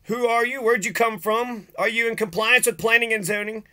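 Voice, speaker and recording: Man, sharp tense voice, ranting vlog commentary, profane, sarcastic. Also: very high voice, steady tone, fairly quick, clear, resonant tone. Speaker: vlogger.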